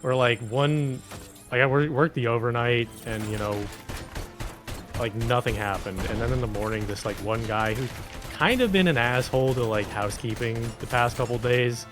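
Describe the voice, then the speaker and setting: A man's voice: medium pitch, normal speed, music in the background. Casual man telling rambling work stories. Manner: rambling anecdotes, swearing, laughing often. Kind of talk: casual chat over gameplay.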